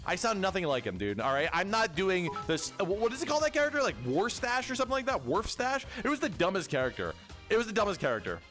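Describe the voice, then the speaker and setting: Young vtuber guy rambling and joking w chat, high voice that jumps all over, little music behind. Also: wildly swooping pitch, quick pace. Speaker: VTuber streamer. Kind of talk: casual livestream chat.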